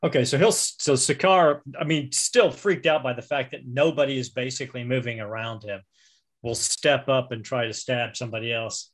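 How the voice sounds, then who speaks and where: Speaking at a moderate pace in a mid-range voice, a man takes part as a player in a tabletop role-playing game. He chats and thinks aloud with fillers while describing his character's actions and rolls.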